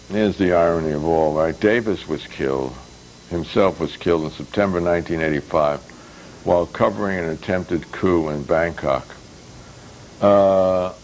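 Older New man, public access host, deep low voice, dry rambling humor, slight hiss. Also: low-quality recording. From United States. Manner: wry, deadpan jokes with many fillers and restarts. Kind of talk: casual rambling commentary.

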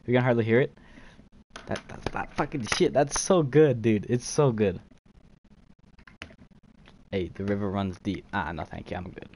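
A man's voice: fairly low pitch, measured pace, vocal fry, pauses often, darkish tone, a little hiss or hum. A young man streaming a game, chatting casually with viewers, laughing and swearing easily. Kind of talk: casual live-stream chat while trading.

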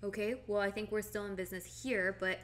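A woman's voice: medium pitch, flat delivery, brisk, fairly bright tone, a little hiss or hum. A woman live streaming while she paints, chatting casually with viewers in a playfully melodramatic, mock-tearful way.

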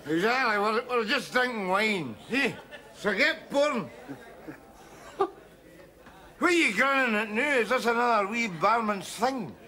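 An actor playing a belligerent middle-aged drunk who rants and stammers in a sitcom. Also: male voice, extremely high pitch, animated, unhurried, pauses often, bright, forceful tone, a faint crowd, heavily acted. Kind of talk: TV sitcom acting.

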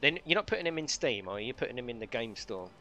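A man's voice: medium pitch, sing-song, fast, pushed and bright. A man streaming a racing game live, chatting casually with viewers and friends, swearing lightly and laughing often.

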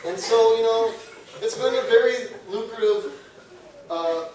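A young male college comedian telling an absurd story in a deadpan way to a live audience, sometimes laughing at his own jokes. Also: very high voice, a little slow, distant mic. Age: young adult. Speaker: student comedian. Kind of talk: stand-up comedy. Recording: echoey room, mic from afar, audience noise.

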